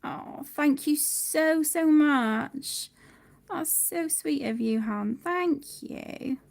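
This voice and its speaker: Chatty high-voiced woman host. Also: drawn-out words, creaky, darkish tone. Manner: chatty, reads viewer comments aloud. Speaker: colouring livestream host. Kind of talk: casual livestream chat.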